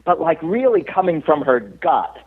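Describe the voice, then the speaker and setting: An American actor guest chats casually in an interview over a tinny phone line, his fairly high, sing-song voice carrying a breathy edge at a moderate pace. He tells rambling anecdotes, chuckling often.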